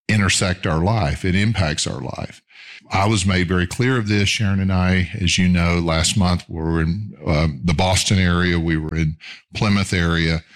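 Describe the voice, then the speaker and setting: A middle-aged male pastor preaching a sermon in an earnest, measured way, slowing down to stress key phrases. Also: low-pitched, fairly bright tone.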